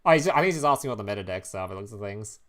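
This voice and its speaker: A man's voice: on the low side, expressive, very fast, a bit bright. A young man streaming live, chatting casually, tripping over his words, swearing and chuckling as he reacts to chat. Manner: loose and profane, trips over words, chuckles often.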